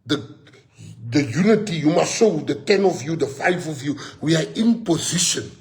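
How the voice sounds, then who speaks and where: A man's voice: a little high, lively intonation, normal speed. A middle-aged South African man giving a live-streamed rallying talk to party members, switching between Afrikaans and English and telling stories. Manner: mixes Afrikaans and English, storytelling.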